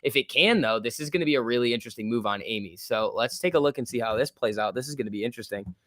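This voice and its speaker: A man's voice: medium pitch, racing, a bit bright, dry recording. Man, livestream host, casual market commentary, reads out chat questions, lots of fillers, dry close sound. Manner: loose and chatty, with many fillers like "like" and "um"; reads viewer questions aloud and answers them. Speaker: stock trading livestream host.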